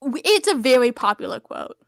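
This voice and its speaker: Woman, co-host, casual chat, brash, laughing, high-ish pitch, dry close sound. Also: big pitch swings, gravelly, fairly bright tone, dry recording. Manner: laughing, brash, quick to swear. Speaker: streamer co-host reading fan fiction. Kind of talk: casual chat and reading aloud.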